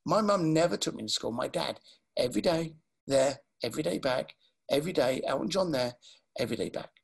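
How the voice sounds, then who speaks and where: A grown son quietly recalls his late father, his voice gravelly and husky as a man retells his words. He speaks slowly and haltingly, with deep feeling. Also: animated, exaggerated voice. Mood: tender.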